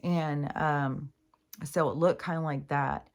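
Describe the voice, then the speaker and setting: A woman's voice: deep voice, fairly even intonation, slow pace. A middle-aged woman talking casually on her own channel, rambling with many fillers, restarts and plenty of swearing. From Pacific Northwest US. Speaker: spiritual vlogger.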